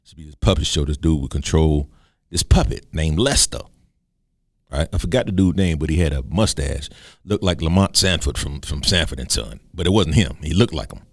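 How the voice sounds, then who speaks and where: Brief: gravelly deep-voiced man, animated comic monologue host, dry close mic. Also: brisk, no room sound. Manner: animated storyteller who swings into high comic voices. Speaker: podcast host. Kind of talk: casual comedic monologue.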